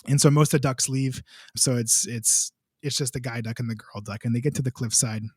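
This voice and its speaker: A man's voice: medium pitch, fairly even intonation, fairly quick, darkish tone, breathy edge, no room sound, clean studio sound. A young adult man, a composer, telling a long story in a casual, rambling way, full of filler words. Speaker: composer, podcast guest.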